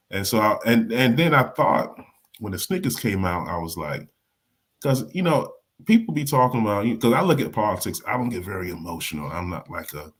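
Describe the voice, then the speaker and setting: A man hosting a casual political chat, talking in an animated way, repeating words and acting out quotes. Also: low-pitched, moderate pace. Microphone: live stream mic.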